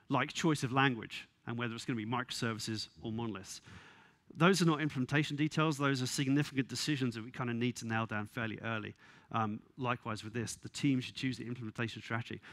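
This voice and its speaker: A man's voice: mid-range voice, fairly bright tone, no echo. Wry man giving a conference talk. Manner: wry, exasperated, quick asides with laughs. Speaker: conference speaker. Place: conference venue.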